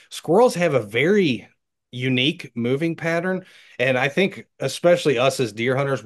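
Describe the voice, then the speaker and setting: A man with a Midwestern American accent teaching squirrel hunting in a webinar, lively and imitating animal footsteps. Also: mid-range voice. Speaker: hunting instructor.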